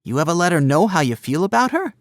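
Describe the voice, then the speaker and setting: A man's voice: on the high side, big pitch swings, fast talker, no echo, studio quality, voice pushed up. A man voicing a teasing, boisterous teenage boy in an audiobook, playful and needling. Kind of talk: audiobook character voice.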